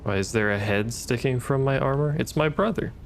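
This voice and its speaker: A man's voice: mid-range voice, brisk, creaky, a little hiss or hum. A man giving casual gameplay commentary, wry and profane, talking back to the enemies on screen. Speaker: gaming streamer.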